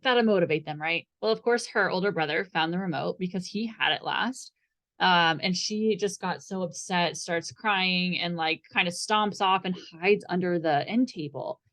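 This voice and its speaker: A young woman with a fairly low voice teaches a therapy skills group. She talks casually and chattily, with plenty of fillers, and keeps checking in with her listeners. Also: a bit bright. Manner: chatty, many fillers and "right?" tags.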